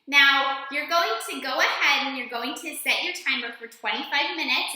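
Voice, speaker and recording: A woman teacher talks young students through a reading lesson with clear, encouraging instructions. Her voice sits high and bright. The recording rings with heavy room echo.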